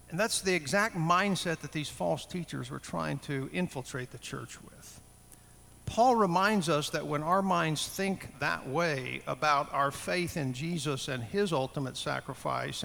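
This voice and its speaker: A man's voice: fairly high pitch, creaky, sharp tone. A man preaching a sermon to a congregation in a conversational way, often putting questions to his listeners. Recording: long hall reverb.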